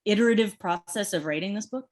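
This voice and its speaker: A woman's voice: medium pitch, quick pace. A woman author in casual, effusive conversation at a bookstore event, asking about the writing process. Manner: effusive, chatty.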